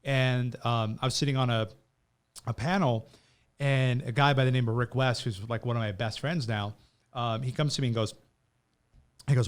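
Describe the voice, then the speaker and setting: Young man, podcast guest, lively storyteller, mid-pitched voice, mimics the people he quotes. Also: moderate pace, long pauses, clean tone. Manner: animated storyteller who acts out quoted people. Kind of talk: casual storytelling interview.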